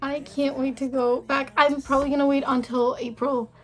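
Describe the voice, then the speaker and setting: A woman's voice: high voice, little pitch movement, moderate pace, fairly bright tone. A young woman vlogging a casual storytime, chatty and full of filler words, acting out each conversation. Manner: chatty, valley-girl fillers, acts out dialogue.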